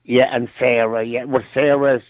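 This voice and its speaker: An older Irish man calling in to a radio show, with a squeaky, breathy voice from asthma and a chatty, reminiscing way of talking. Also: level tone, normal speed, background noise. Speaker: caller. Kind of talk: phone-in chat. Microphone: phone. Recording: tinny phone line.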